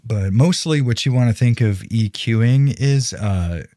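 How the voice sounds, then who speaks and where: A man's voice: medium pitch, a little slow, warm tone, no room sound. A man live-streaming and chatting casually with his viewers, rambling and swearing freely as he answers chat, speaking close into a dynamic broadcast mic at a home streaming setup.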